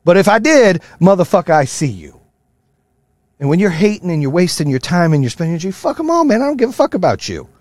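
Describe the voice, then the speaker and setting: A man in his thirties or forties hosting a podcast, ranting with lots of profanity in a fired-up motivational way, then dropping to a low, quieter voice for stories. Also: very animated, fast, no room sound. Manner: swings from loud rants to low, quieter storytelling. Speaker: podcast host. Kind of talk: casual monologue.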